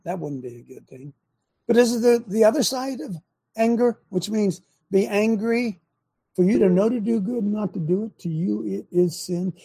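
A man's voice: high voice, gravelly, warm tone, slightly rough. An older man hosting a faith talk show, preaching fiercely and firing off rhetorical questions to his audience. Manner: fiery, keeps asking rhetorical questions.

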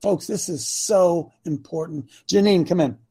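A man's voice: a little high, measured pace, vocal fry, dark tone, husky. A man in his sixties hosting a call-in talk show, folksy and preachy, acting out the voices he quotes. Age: 60s. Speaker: radio show host.

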